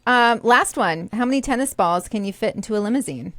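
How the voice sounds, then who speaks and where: A woman co-hosting a podcast, chatting casually in an upbeat way, quick to laugh and asking the questions. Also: fairly high pitch, expressive, fairly bright tone, no echo. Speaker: podcast co-host.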